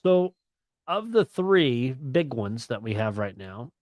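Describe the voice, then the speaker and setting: A man's voice: mid-range voice, sing-song, slow pace, no room sound. A man co-hosting a sports radio talk show, chatting casually and slangily about college football and picks. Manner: laid-back, chatty, slangy.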